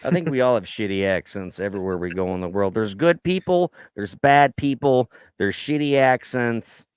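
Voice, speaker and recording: A man's voice: fairly low pitch, moderate pace, smooth, dry recording. A man hosting a casual true-crime podcast, reading out a case and riffing on it with heavy swearing and jokes. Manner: swears a lot, joking and animated. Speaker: podcast host.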